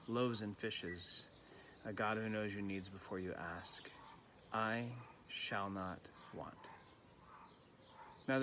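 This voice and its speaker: A man giving a gentle, reflective evening prayer reflection as a pastor, recorded at home during lockdown. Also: lowish voice, slight background noise.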